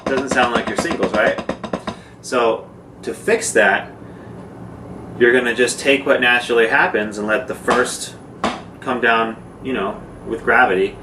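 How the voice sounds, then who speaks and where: Over music, a man teaches drums in a laid-back way, explaining strokes informally with fillers and demonstrations. He speaks a little slowly at ordinary pitch, pausing often, captured by a distant mic in an echoey, noisy room.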